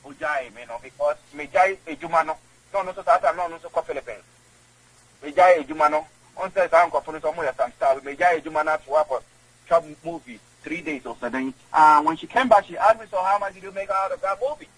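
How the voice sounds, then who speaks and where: A man, rambling in halting speech with many repeated words as an interview guest on radio. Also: a little high, fairly bright tone, husky, dry recording, poor audio. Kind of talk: casual interview.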